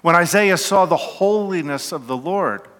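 A man preaching a sermon slowly and emphatically, his voice falling to a hush at key points, in a church. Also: high voice, lively intonation. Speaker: pastor. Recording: long reverb of a hall.

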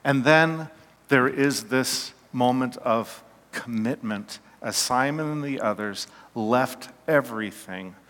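A man preaching a sermon slowly and emphatically, his voice falling to a hush at key points, in a church. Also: mid-range voice. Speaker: pastor. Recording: long reverb of a hall.

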